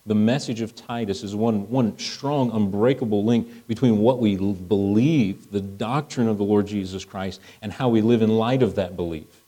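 A man's voice: lowish voice, moderate pace, few pauses, dark tone, poor audio. A middle-aged man preaching a sermon in a conversational way, acting out dialogue as he goes.

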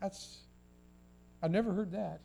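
A preacher man with a high-pitched voice delivers a folksy sermon. He slips into little acted quotes and restarts his sentences often as he talks to his congregation. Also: measured pace, creaky, mellow. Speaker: pastor.

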